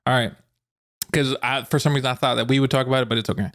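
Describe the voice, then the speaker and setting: A man at a middle pitch, co-hosting a relaxed podcast. He talks loosely and keeps breaking into giggles at his own jokes. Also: rapid-fire. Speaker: podcast co-host. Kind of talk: casual chat.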